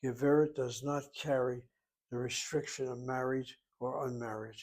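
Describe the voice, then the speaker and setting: A man's voice: medium pitch, steady tone, normal speed, a little mellow. A man teaching a Hebrew grammar lesson, explaining each word methodically letter by letter.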